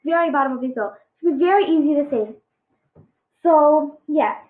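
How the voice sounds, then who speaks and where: A woman giving a casual pronunciation lesson on letter sounds, halting and full of fillers, encouraging her students. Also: high-pitched. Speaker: Arabic alphabet teacher. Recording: echoey, tinny phone-like sound.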